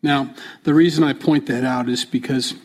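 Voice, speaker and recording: Soft-spoken pastor, man, mid pitch. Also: fairly even intonation, moderate pace. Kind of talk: sermon.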